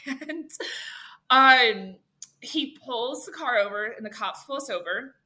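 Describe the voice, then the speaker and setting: A young woman, a podcast guest, telling an animated story in casual chat, full of filler words. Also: a little high, slow.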